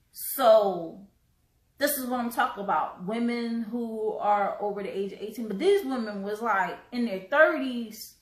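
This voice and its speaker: A woman hosting a live stream, talking earnestly with halting restarts and repeated words, choked up and coughing now and then. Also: a little high, roomy sound, low-quality recording. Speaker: host.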